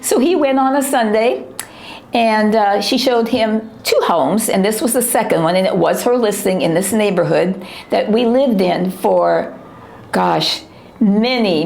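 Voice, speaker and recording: Woman interviewee, mid-pitched gravelly voice, anecdotal and digressive. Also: reverberant. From United States. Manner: lively anecdotal, self-interrupting. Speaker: family friend interviewee. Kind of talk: interview storytelling.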